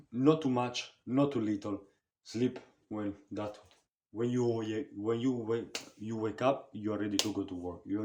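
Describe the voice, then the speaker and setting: A man's voice: lowish voice, darkish tone. A nineteen-year-old man, a native Spanish speaker, delivering a blunt, profane, repetitive motivational fitness vlog monologue. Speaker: fitness vlogger.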